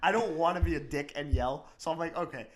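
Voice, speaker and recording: A man's voice: a little high, crowd noise. A young man co-hosting a casual podcast, ranting and swearing with frequent laughter. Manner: fast, laughs often, swears, rants. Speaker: podcast co-host. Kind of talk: casual chat.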